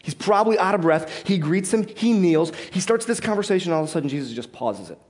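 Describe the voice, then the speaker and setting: A man preaching in a church with a slightly higher voice. His sermon is conversational: he explains the passage and puts questions to the congregation. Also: animated, fast talker, a little mellow. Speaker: pastor.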